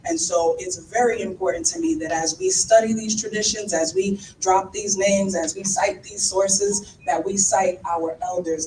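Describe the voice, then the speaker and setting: A woman's voice: on the low side, darkish tone. A woman with a lilt hosting a conference, emotional and laughing as she welcomes the crowd. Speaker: conference founder and host. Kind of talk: warm welcome speech. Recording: echoey hall, distant mic, noise.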